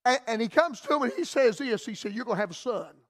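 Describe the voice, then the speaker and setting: A man's voice: very high-pitched, lively intonation, quick pace. A man with a Southern US accent preaching a radio sermon in a folksy, down-home manner.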